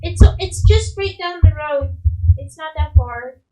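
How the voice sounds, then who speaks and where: Woman putting on a little girl voice, timid, pleading, high. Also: lively intonation, a little slow, over loud music, low-quality recording. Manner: small, pleading, apologetic.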